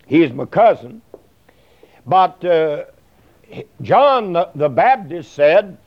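A man's voice: sits high, lively intonation, takes it slowly. A man preaching a sermon in a folksy, rambling way, full of fillers and plain talk. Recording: dull lo-fi recording.

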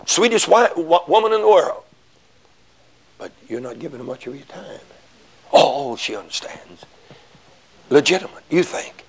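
Gravelly preacher man, shouting in bursts. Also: on the high side, very animated, unhurried, long pauses. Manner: folksy, rises to shouting emphasis, acts out little dialogues. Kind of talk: sermon.

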